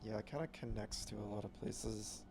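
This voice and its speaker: A man's voice: lowish voice, moderate pace, over music. A man streaming a video game, chatting casually with rambling, upbeat commentary. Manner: rambling, self-correcting, upbeat.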